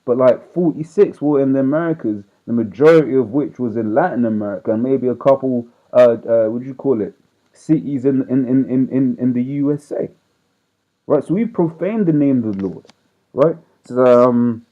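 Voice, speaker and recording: Street preacher on a tinny line. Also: male voice, mid-range voice, fairly quick. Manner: reads verses aloud, then explains in slang; checks in with "right?" after nearly every point. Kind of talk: informal scripture teaching. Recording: tinny phone-like audio.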